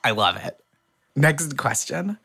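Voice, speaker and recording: Playful co-host with a lively, swooping voice. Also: mid-range voice, takes it slowly, creaky, over music. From Boston. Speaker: podcast co-host. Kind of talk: casual chat.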